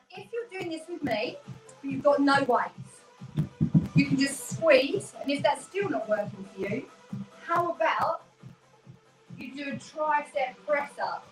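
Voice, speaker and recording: Fitness instructor lady, a bit high voice, cheery cues and counting, echoey room, faint music in back. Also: animated, a little slow, long pauses, distant mic. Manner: encouraging, upbeat coaching with counting and cues. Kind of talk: live workout class instruction.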